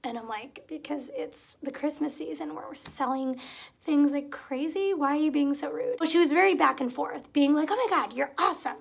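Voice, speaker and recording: A woman's voice: sits high, moderate pace, creaky. A young woman telling retail stories in a casual, chatty way, getting exasperated and acting out what customers said. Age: young adult. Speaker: vlogger. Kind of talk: casual storytelling. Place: home room, cat nearby.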